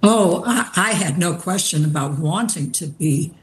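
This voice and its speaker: An older woman speaks as a guest on a news interview. She answers in full, well-formed sentences, measured and earnest, with the composure of a retired judge. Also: fairly low pitch, animated.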